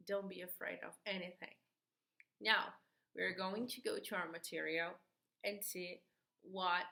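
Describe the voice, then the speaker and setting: Woman, English teacher, native Portuguese speaker, slow patient delivery, bright tone, echoey room. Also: lowish voice. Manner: slow, patient, repeats key words. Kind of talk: grammar lesson.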